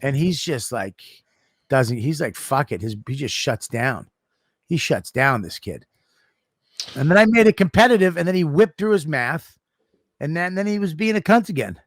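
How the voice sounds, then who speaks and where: A middle-aged man co-hosting a podcast, telling animated, profane stories in casual chat. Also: on the high side, moderate pace, pauses often, dry recording, clean studio sound. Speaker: podcast co-host.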